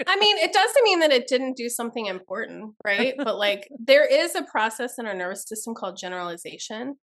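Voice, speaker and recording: A woman's voice: fairly high pitch, sing-song, a little fast. A woman trauma therapist speaking as a podcast guest, emphatic and blunt as she explains her points. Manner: emphatic, blunt, talks through examples. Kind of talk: podcast interview.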